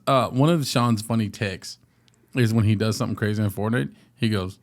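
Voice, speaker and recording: This podcast co-host, a man in his thirties, has a lowish voice and speaks briskly. Chatting casually, he tells stories with animation and laughs a lot.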